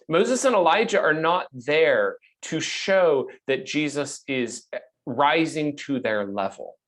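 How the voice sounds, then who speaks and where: A man preaching an expository sermon, stressing key points and repeating phrases for emphasis. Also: medium pitch. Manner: reads scripture quotes slowly with added inflection.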